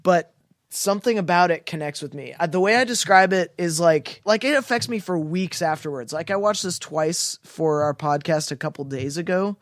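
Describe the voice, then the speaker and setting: A man co-hosting a podcast who speaks in a fairly high, smooth and resonant voice. He rambles and restarts often as he hunts for the right words. The sound is dry and close to the mic. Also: normal speed, no room sound. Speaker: podcast co-host. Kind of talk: casual film discussion.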